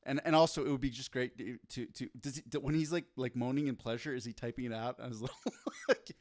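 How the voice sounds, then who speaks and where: A man co-hosting a comedy podcast, talking in rambling, halting bursts with crude humor. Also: mid-range voice, fairly even intonation, darkish tone. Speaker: podcast co-host. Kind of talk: casual comedic chat.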